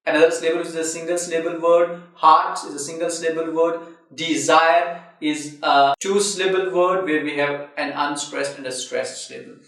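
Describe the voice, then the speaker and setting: Man lecturing in a very echoey room. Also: on the high side. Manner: explanatory, breaks words into syllables, frequent uh fillers. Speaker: literature lecturer. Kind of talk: recorded literature lecture. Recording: very echoey room, voice far from the mic.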